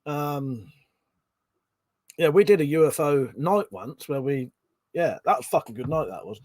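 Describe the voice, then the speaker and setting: A man's voice: fairly high pitch, animated, unhurried, darkish tone, no echo. A man, hosting a casual livestream at home, reading chat and swearing freely between chuckles. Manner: swears often, chuckles, mutters asides. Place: bedroom at home.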